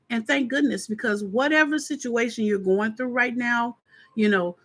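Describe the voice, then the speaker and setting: A woman hosting a live stream in casual chat, talking straight to her viewers and acting out her own reactions. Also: mid-range voice. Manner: chatty, animated, acts out her reactions; informal, talks straight to viewers.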